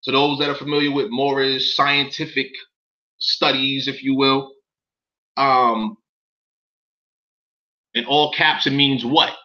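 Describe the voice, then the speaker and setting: Bright-voiced man in incredulous commentary. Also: medium pitch, level tone, slow pace, pauses often, lo-fi sound. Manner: incredulous, profane, keeps asking viewers questions. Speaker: commentator reading documents to viewers. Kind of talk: casual commentary reading documents aloud.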